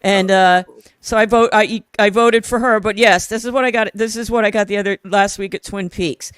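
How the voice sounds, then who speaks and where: A woman's voice: mid-range voice, fairly even intonation, normal speed, clear, resonant tone, no echo. A woman hosting a casual chat stream, chatty and playful, reading viewer messages aloud. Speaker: host.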